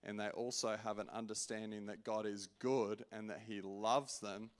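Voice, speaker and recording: A man's voice: on the low side, little pitch movement, moderate pace. Earnest man preaching his testimony. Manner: earnest, with many restarts and swings from loud to hushed. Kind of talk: sermon testimony.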